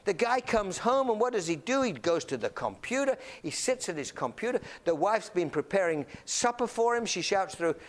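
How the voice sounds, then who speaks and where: A man's voice: high-pitched, very animated, normal speed, few pauses. A man giving an anecdotal classroom lecture, acting out little dialogues and often repeating words as he talks. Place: lecture room filmed on camera.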